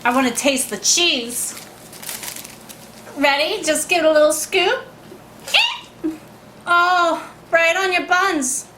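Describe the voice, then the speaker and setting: A woman's voice: extremely high pitch, slow, pauses often, reverberant, noisy background, pitched above the performer's own voice. A woman doing a bubbly Harley Quinn. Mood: playful. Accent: put-on Harley Quinn Brooklyn-style accent.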